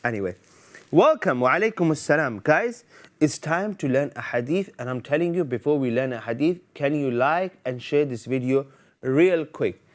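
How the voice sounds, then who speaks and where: A man's voice: medium pitch, lively intonation, normal speed. A man hosting a live TV Quran lesson for children, playful and teasing, quizzing the viewers and mixing Arabic phrases into his English. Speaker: TV Quran teacher and host. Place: TV studio.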